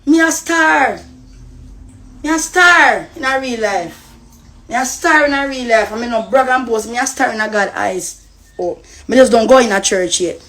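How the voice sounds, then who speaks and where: Heated high-voiced woman, Jamaican Patois. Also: moderate pace, a bit bright. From Costa Rica. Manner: heated, profane, repetitive. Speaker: social media personality. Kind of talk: ranting live stream.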